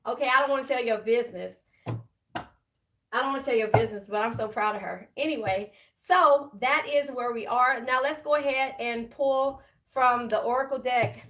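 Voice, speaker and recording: Gravelly, chatty woman tarot reader. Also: a little high, pushed and bright, far from the mic, a little hiss or hum. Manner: chatty, affectionate, emotional. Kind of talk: casual tarot reading to viewers.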